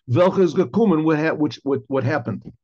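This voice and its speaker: A middle-aged rabbi teaches an informal class, his slightly high, husky voice doubling back on phrases and pausing to clear his throat. He tosses out rhetorical questions as he explains a text. The recording sounds dull and lo-fi. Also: a little mellow.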